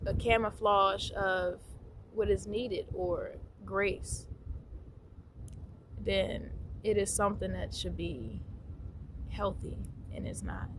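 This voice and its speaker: A woman's voice: medium pitch, slow, long pauses. A woman talks her way through a loose spiritual monologue in a mid-range voice, circling back and repeating words as she goes. The recording is noisy, with vehicle sounds in the background. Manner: meandering, repeats words, occasional soft laughs. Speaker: spiritual teacher.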